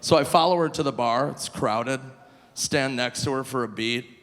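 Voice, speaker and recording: A man in his forties from Minnesota doing a live stand-up set, animated and self-mocking, often breaking into laughter. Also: mid-range voice, normal speed. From Minnesota, USA. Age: 40s. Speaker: stand-up comedian. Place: live theater stage. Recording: reverberant live venue, faint room noise.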